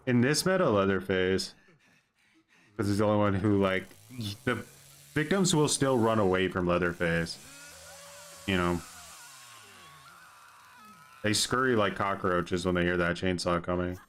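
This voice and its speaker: Young guy streaming a game, low voice, chill rambly chat with viewers. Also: normal speed, pauses often, clean tone. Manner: laid-back, chatty, many fillers. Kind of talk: casual livestream commentary.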